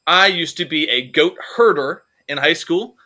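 A man's voice: a little high, normal speed, bright, forceful tone. A man co-hosting a comedy podcast, rambling through jokes and swearing freely in casual chat. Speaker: podcast co-host.

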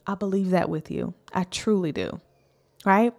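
A woman's voice: mid-range voice, moderate pace, gravelly, darkish tone. A woman in her thirties giving an earnest, encouraging faith-based parenting talk as a coach, repeating key lines for emphasis.

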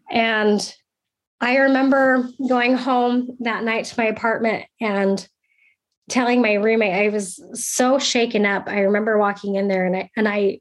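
A young adult woman telling a personal story in an earnest, reflective way, with halting restarts. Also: mid-range voice. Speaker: storyteller sharing a personal experience.

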